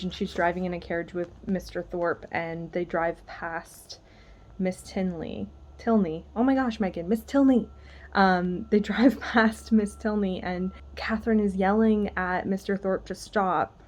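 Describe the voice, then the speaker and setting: A woman's voice: medium pitch, a little mellow. A woman vlogger chatting casually about what she is reading, gushing and chatty, with lots of "like". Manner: gushing, chatty, heavy use of "like". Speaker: book vlogger. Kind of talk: casual reading vlog chat.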